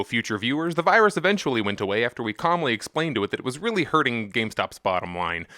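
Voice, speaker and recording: A man's voice: mid-range voice, bright, forceful tone, no room sound, clean studio sound. A man hosting a comedic music commentary vlog, talking in a sarcastic, jokey, self-mocking way. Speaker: music vlogger.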